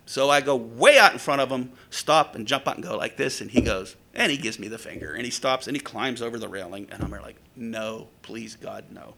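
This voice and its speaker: Lively gravelly-voiced preacher man. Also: a little fast, hardly any pauses. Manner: conversational storytelling with lively pitch swings. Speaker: preacher, former police officer. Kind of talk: sermon with storytelling.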